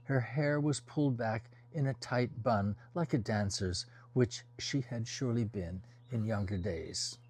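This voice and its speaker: A man reading a first-person novel aloud as an audiobook, in a measured, descriptive storytelling manner. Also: medium pitch, a little mellow, breathy edge. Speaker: audiobook reader.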